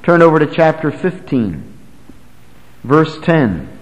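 A man preaching a sermon, swinging from loud, high emphasis to low, quiet lines, and reading scripture aloud in old-fashioned English. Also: big pitch swings, takes it slowly, big-room sound, rough recording. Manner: emphatic, rises and drops sharply in pitch and volume.

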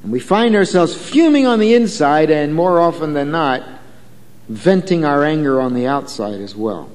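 A man's voice: a little high, expressive, moderate pace, big-room sound. A man preaching a sermon in a conversational way, telling a story and asking the congregation questions. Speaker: pastor.

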